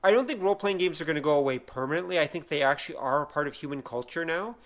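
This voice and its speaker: A man's voice: on the high side, very fast. A man co-hosting a podcast, talking casually and rambling with fillers. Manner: rambling, hesitant. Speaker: podcast co-host. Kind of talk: casual chat.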